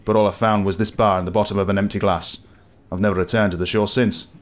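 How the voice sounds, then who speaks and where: A man voicing a grizzled old sailor in a game tavern, with a put-on West Country accent and a gruff, brooding way of telling tales. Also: fairly low pitch, flat delivery, fast, pitched below the performer's own voice, close to an everyday voice. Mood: mournful. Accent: West Country English, put on.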